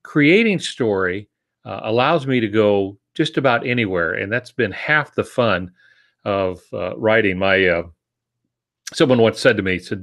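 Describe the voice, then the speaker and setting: An older man with a fairly low voice co-hosts a podcast about writing. He talks in a measured, teacherly way and slips in dry jokes. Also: expressive, fairly bright tone. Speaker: podcast co-host, writer. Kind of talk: casual podcast chat.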